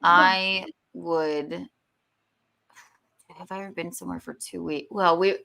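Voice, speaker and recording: Bright-toned, brash woman podcast host chatting casually. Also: on the low side, fairly even intonation, slow, gravelly. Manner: brash, swears freely. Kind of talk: casual chat.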